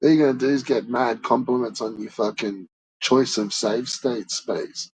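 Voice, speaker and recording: A man's voice: mid-range voice, fairly even intonation, a little slow, low-quality recording. A man streaming and ranting to his chat in a blunt, profane, swear-filled way. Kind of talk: casual rant to chat.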